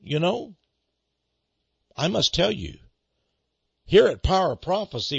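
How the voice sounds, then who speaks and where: Husky, lively male preacher. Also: high voice, a little slow, pauses often, no room sound. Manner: folksy storytelling, animated. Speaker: pastor and ministry head. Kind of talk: radio sermon monologue. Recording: dull lo-fi dry recording.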